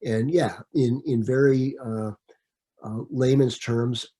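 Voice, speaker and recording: Man, trainer, husky voice, mellow and dark, casual lecture tone, answers comments by name. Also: medium pitch, takes it slowly. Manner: relaxed, with frequent fillers and restarts.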